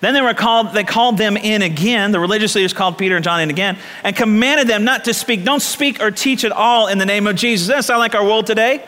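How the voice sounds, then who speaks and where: A pastor preaching a sermon, telling stories and repeating lines for emphasis. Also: male voice, sits high, fast, hardly any pauses, bright, forceful tone. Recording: long hall reverb.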